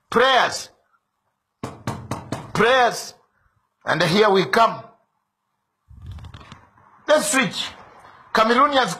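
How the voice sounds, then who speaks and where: Impassioned high-voiced male political commentator. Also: bright, forceful tone. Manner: impassioned, rhetorical, repeats questions. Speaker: online show host.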